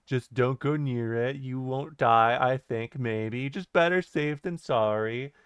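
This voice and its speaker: A man doing an impression of a calm narrator who delivers horrific warnings slowly and matter-of-factly, in a smooth voice. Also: mid-range voice, no room sound, natural voice. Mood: reassuring. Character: impression of a calm, soft-spoken male narrator giving grim warnings.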